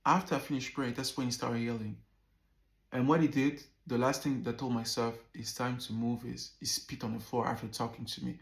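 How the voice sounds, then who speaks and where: A man vlogging a personal story in a casual, animated way, swearing often and acting out the dialogue. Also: mid-range voice, brisk, vocal fry, echoey room.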